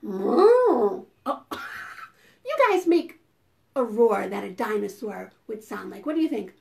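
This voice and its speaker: A woman's voice: mid-range voice, big pitch swings, slow, gravelly, long pauses. A woman librarian leading a preschool storytime, playful and sing-song, gasping and making animal sounds for the children.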